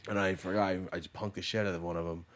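A man hosting a podcast in casual chat, telling stories bluntly and profanely, dropping to low mutters and then bursting out loud as he acts out the people in them. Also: steady tone, rapid-fire. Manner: profane, blunt storytelling that acts out quoted voices. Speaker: podcast host.

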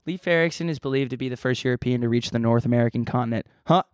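A man's voice: medium pitch, racing, dry recording, clean studio sound. A man co-hosting a casual podcast, joking around in goofy banter. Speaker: podcast co-host. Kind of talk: casual chat.

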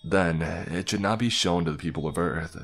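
A man voicing a genderless, all-knowing being at the edge of the internet, speaking slowly and plainly. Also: low voice, faint music behind. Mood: ominous. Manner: slow, plain, commanding.

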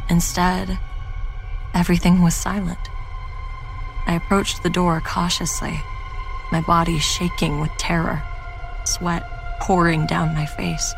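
A woman's voice: fairly low pitch, creaky. A woman narrating a first-person horror story in a tense, scripted storytelling manner. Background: music.

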